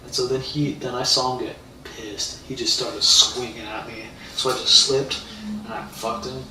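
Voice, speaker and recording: A man's voice: mid-range voice, steady tone, moderate pace, sharp tone, slight background noise. A man live streaming, telling a rambling, profane story and repeating himself as he talks. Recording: roomy, distant mic, faint ambience.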